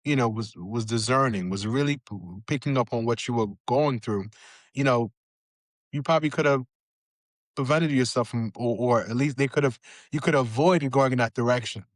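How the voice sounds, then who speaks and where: A male podcast host with a mid-pitched voice asks long, reflective questions, often pausing on filler phrases. The recording is close and dry, with no room sound. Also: no echo. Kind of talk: interview conversation.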